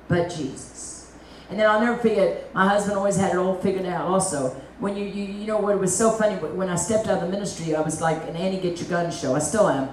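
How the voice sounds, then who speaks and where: Lady evangelist telling her story, folksy and lively, roomy far-off sound. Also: medium pitch, a little hiss or hum. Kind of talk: testimony preaching. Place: church meeting hall. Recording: echoey hall, mic at a distance.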